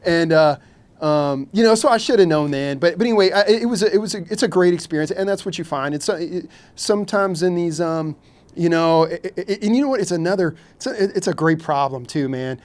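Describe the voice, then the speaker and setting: A man's voice: fairly high pitch, expressive, a little fast, a little mellow. A man from Kentucky, a fishing captain, talking bluntly and rambling in a casual podcast interview. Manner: blunt, candid, says he has no filter; rambling, repeats "man" and "you know".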